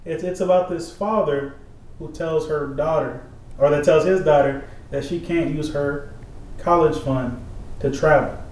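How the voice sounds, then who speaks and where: A man's voice: a little high, fairly even intonation, measured pace, a little mellow, recorded from a distance. A man in a podcast chat, reading an article aloud and putting questions to the hosts. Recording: echoey room, off-mic.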